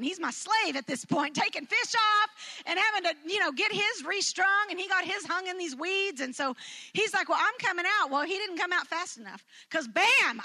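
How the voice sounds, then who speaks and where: A woman telling a funny personal story to an audience, animated and laughing as she acts out what everyone said. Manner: animated, acts out quotes with big jumps in pitch; laughs through her own story. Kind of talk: storytelling talk to a live audience.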